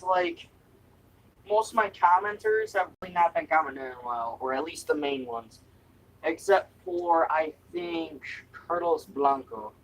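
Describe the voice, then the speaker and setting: A young man rambles through a casual snack-tasting vlog with a slightly high, very lively voice that jumps around in pitch. He talks in an unhurried way, cracks jokes, giggles and swears freely. He sits a little back from the microphone in a room at home. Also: far from the mic, slight background noise, rough recording. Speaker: food review vlogger. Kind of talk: casual taste-test vlog. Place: room at home with window open.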